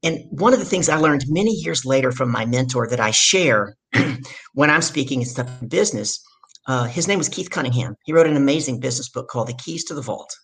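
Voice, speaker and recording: A middle-aged woman from the States, telling her story as a guest in an energetic, emphatic way. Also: a bass voice, fairly quick, slightly rough. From southern United States. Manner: energetic, emphatic storyteller who acts out quotes. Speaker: guest, business speaker. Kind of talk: storytelling in a conversation.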